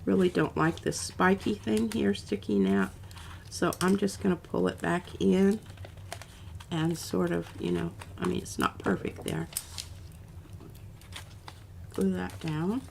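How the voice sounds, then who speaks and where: A woman's voice: lowish voice, expressive, slow pace, gravelly, long pauses, slight background noise. A woman hosting a casual craft demo, chatty and rambling, with an occasional cough. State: coughing now and then. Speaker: art stream host.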